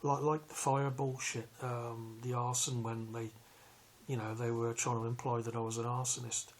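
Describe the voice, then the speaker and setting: A man, telling a long personal story in a rambling, halting way with many fillers. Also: mid-range voice, level tone, slight background noise. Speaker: vlogger recounting a police arrest. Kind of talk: casual storytelling.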